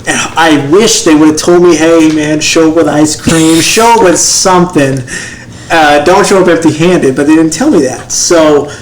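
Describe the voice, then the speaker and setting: A man's voice: fairly high pitch, moderate pace, reverberant, a little hiss or hum, rough recording. A man in his thirties on a podcast, telling a story casually and acting out what people said to him. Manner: animated storyteller, acts out quotes in other voices. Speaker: podcast co-host, first responder.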